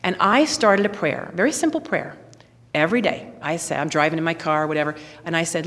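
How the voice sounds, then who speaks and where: Lady in her 40s telling her faith story, acts out everyone's voices, slightly low voice, big echoey hall. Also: a little fast. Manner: animated storytelling, acting out voices. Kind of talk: personal testimony. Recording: long reverb, hall.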